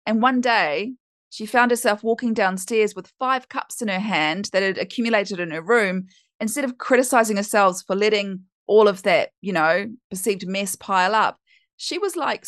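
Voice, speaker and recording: A woman's voice: medium pitch, fairly bright tone, no echo. Woman podcast host, candid and chatty, dry close recording, mid-range voice. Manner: candid and chatty, with some swearing. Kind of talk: casual podcast monologue.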